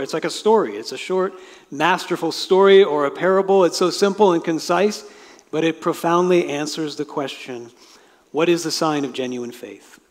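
A man preaching a sermon as pastor, talking in a conversational way and explaining with asides. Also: a little high. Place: church sanctuary. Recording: long reverb of a large hall.

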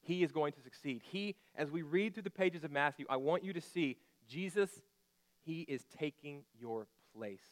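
A man's voice: a little high, normal speed, hardly any pauses. Man preaching with rising emphasis. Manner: animated preaching, rhetorical questions, drops to soft intensity. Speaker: pastor. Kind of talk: sermon.

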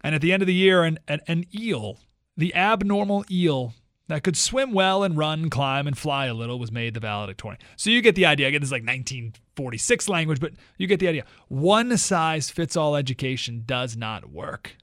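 A man hosts a talk radio show and reads a story aloud to his listeners. His voice sits a bit high and swings widely in pitch. The sound is dry and close. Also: dry recording. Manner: animated storytelling with quick asides.

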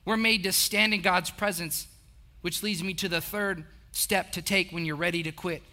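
A middle-aged man preaching with a high, strikingly bright voice. He builds up in short, repeated urgings, then drops to a hushed, slow closeness. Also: steady tone. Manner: swings from rising exhortation to hushed, slow intimacy. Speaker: pastor. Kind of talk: sermon.

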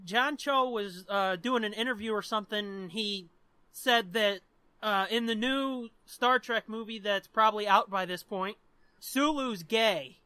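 A man's voice: sits high, unhurried, bright, forceful tone, clear, resonant tone, no room sound. A man co-hosting a podcast in casual chat, swearing freely, laughing often and telling jokes. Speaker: podcast co-host.

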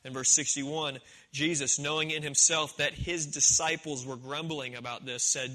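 Pastor type, high and very bright voice, relaxed storytelling delivery. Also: male voice, moderate pace, poor audio. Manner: conversational storytelling, acting out the scenes. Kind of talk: sermon.

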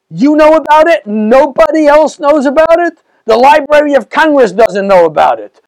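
A rabbi lectures to a live audience in a strikingly high voice. He talks in an animated, rhetorical way and keeps firing questions at his listeners. The sound is dry and close, with almost no room echo. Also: normal speed, few pauses.

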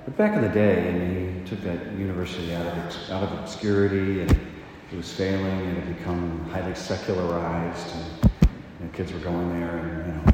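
A man, a priest, giving a casual homily in a halting, conversational way with many fillers. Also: deep voice, steady tone, very noisy. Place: large echoey church. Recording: distant mic in reverberant church.

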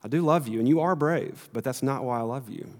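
A man reading a gentle father squirrel. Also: mid-range voice, a little fast, close to an everyday voice. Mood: tender. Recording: long hall reverb.

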